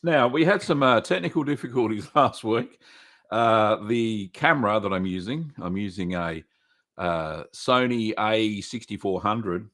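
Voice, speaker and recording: A man with an Australian accent hosts a relaxed livestream and reads out viewers' names one by one. He talks in a friendly, rambling way with plenty of fillers. His voice sits fairly low. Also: a little slow. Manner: chatty, greets viewers by name, many fillers. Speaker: livestream host. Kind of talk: casual livestream chat.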